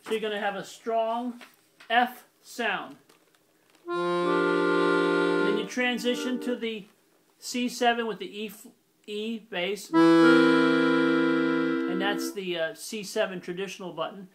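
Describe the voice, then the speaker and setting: Man teaching accordion over loud playing. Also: high-pitched, fairly even intonation, unhurried, pauses often, over loud music. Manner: plain, methodical, stops to correct himself. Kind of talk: casual instructional demonstration.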